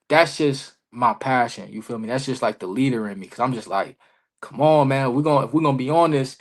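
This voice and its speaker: Male wrestler guest, mid-pitched, casual storyteller, slang-heavy, animated. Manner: slangy, loose, peppered with "bro" and "you feel me"; animated, acts out both sides of conversations.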